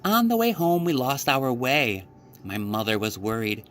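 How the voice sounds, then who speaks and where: A man reading aloud, voicing a gentle male frog in a storybook who tells a story with a teasing manner. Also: mid-range voice, a little slow, a little hiss or hum, natural voice. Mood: storytelling.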